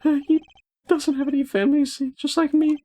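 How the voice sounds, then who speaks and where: A man's voice: extremely high pitch, flat delivery, dark tone, voice pushed up. A man voicing a timid, apologetic young male prisoner who stammers and halts, for a game read-through. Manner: stammering, halting.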